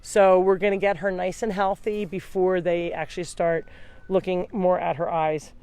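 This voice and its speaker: A woman's voice: lowish voice, little pitch movement, moderate pace, a little mellow, clear, resonant tone. A woman running a live video from an animal sanctuary, explaining rescues in a chatty way and talking to the animals as she goes. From New Jersey. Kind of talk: casual live-stream chat.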